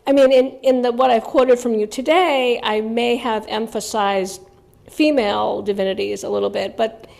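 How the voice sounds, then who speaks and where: A woman writer gives a reflective lecture, leaning on key words with quiet conviction. Her voice sits a bit high and carries a gravelly fry at the ends of phrases. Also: steady tone, moderate pace. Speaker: writer giving a talk. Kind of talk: spoken lecture on religious texts.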